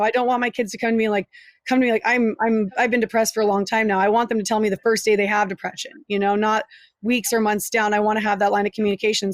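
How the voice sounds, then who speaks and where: A woman's voice: medium pitch, no echo, studio quality. A woman chatting candidly as a podcast guest about raising her kids, talking loosely with many fillers. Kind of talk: casual chat.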